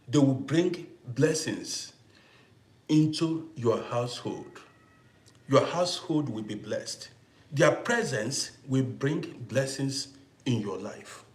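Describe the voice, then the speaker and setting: A young man talking forcefully to viewers in a casual livestream and thanking them for gifts. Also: mid-range voice, lively intonation, slow pace, roomy sound. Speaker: live stream host.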